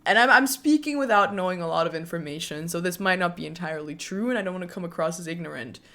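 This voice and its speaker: A woman in her twenties chatting casually with her viewers as a streamer, talking warmly and laughing often. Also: lowish voice, quick pace. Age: 20s. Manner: chatty, frequent laughs, speaks warmly to chat.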